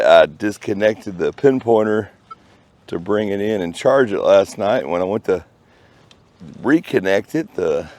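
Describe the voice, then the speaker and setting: A man's voice: on the low side, darkish tone, no echo. A man with a Texan accent narrating his metal detecting outdoors in a park, folksy and jokey, tossing out playful made-up words. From Texas. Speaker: metal detecting channel host. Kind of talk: casual narration while detecting.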